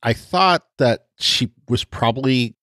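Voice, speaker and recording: A man's voice: mid-range voice, animated, slow pace, fairly bright tone, dry recording, clean studio sound. A man co-hosting a podcast, chatting casually, laughing often and trailing off with fillers. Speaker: podcast co-host.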